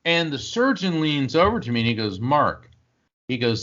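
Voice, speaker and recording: A man's voice: fairly high pitch, normal speed, muffled recording. A man, a psychic medium, telling a long anecdote in conversation, acting out the quotes, with plenty of fillers. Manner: animated storyteller, acts out quotes, frequent fillers.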